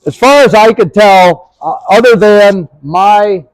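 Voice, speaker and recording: A man's voice: high-pitched, slow pace, no room sound, rough recording. A middle-aged man giving a casual, rambling demonstration of his gear outdoors beside his horse, with lots of fillers. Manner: folksy, rambling, many fillers. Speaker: historical horse trekking presenter.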